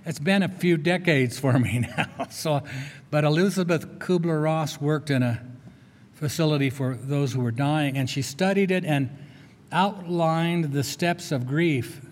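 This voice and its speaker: A man's voice: a little high, measured pace, darkish tone. An older man, a chaplain, preaching a sermon in an earnest, conversational storytelling way. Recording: long reverb of a large hall.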